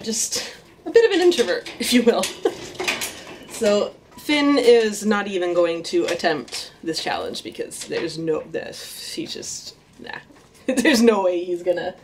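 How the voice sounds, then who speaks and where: A woman's voice: medium pitch, slight background noise. A woman in a casual home vlog, chatting about her pet rats with frequent laughs and cooing baby talk to them. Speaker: artist and vlogger introducing her pet rats.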